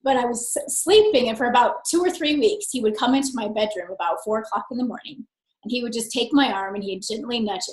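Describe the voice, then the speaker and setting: Lively, laughing woman guest, echoey. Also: a little high, fast talker. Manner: lively, expressive storyteller who laughs often. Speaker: interview guest. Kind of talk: conversational interview.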